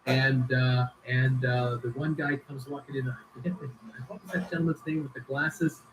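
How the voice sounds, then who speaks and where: A man's voice: mid-range voice, steady tone, moderate pace, noisy background. A man hosting a casual livestream who rambles with many fillers and restarts while reading viewer comments aloud. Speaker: livestream host.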